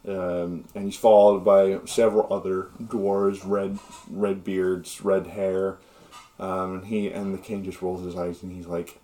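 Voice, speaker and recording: Low-voiced man narrating as game master. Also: flat delivery, a little slow, dark tone. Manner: casual, many fillers.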